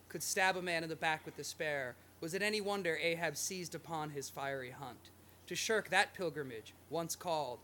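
A man hosting a casual podcast, reading literary passages slowly and solemnly. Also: a little high, a bit bright, a little hiss or hum.

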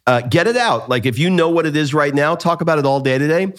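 A man's voice: a little high, fast, a bit bright. A man co-hosting a podcast, chatting casually with playful, easygoing banter. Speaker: podcast co-host.

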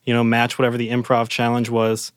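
A man co-hosts a show, explaining comedy history in an easy, agreeable way. His voice is smooth and resonant, recorded dry and close. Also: mid-range voice, monotone, fairly quick, dry recording. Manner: informative, agreeable. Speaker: radio show co-host. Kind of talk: casual chat about comedy history.

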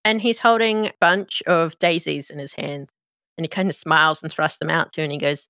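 A woman game master narrating a tabletop game scene in a calm, descriptive voice. Her sound is dry, with no room around it. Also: low voice, fairly quick, creaky, no room sound.

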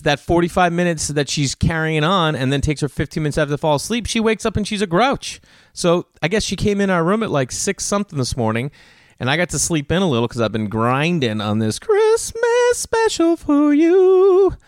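A man's voice: on the high side, brisk, dry recording, clean studio sound. A man hosting a podcast, chatting casually on his own and acting out family conversations as he tells stories, cursing freely. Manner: animated storyteller who acts out family dialogue; loose, swears casually. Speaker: podcast host. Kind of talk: casual solo monologue.

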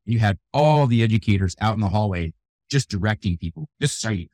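An older man with gray hair, a youth keynote speaker, telling animated stories in a radio interview. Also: fairly low pitch, a little fast, no room sound. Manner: energetic, animated storyteller who acts out quotes. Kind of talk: storytelling interview talk. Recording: dry close sound, radio show.

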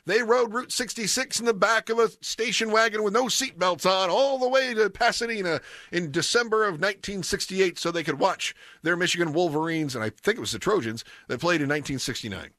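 Male talk radio host, chatty and wry, bright tone over a dry studio mic. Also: sits high, no room sound. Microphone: studio microphone.

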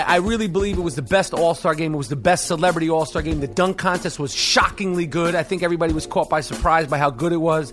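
Excitable, profane New man. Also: sits high. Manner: profane, excitable, rambling with lots of slang. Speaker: podcast host. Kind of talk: casual storytelling monologue.

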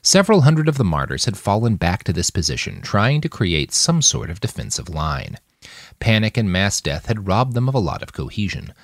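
Deep-voiced man narrating an audiobook. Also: dry recording, clean studio sound. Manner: expressive storytelling.

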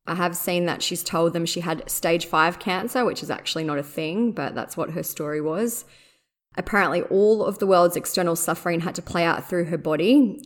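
A woman hosting a true-crime podcast, narrating in a wry, conversational way. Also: fairly low pitch. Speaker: podcast host.

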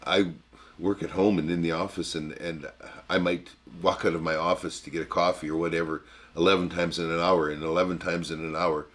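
An older man co-hosting a casual podcast, talking in a folksy, halting way with many restarts. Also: sits low, flat delivery, a bit bright. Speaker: podcast co-host. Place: cabin.

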